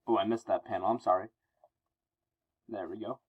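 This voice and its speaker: A male teacher reading through a comic book with his class and explaining it in a relaxed way. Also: on the low side, normal speed, pauses often, husky, dull audio. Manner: explanatory, relaxed, many fillers.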